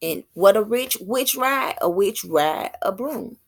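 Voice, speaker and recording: A woman teaching as a self-styled prophetess, thinking aloud in a halting way and stopping to read passages out. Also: medium pitch, lively intonation, breathy edge. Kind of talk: slow spoken teaching.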